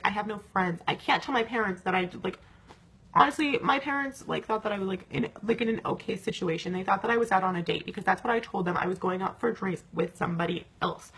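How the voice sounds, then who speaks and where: A woman's voice: medium pitch, vocal fry, breathy edge. A young woman recounting a night out in a casual vlog, swearing often and filling her talk with "like". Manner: animated, swearing, many fillers.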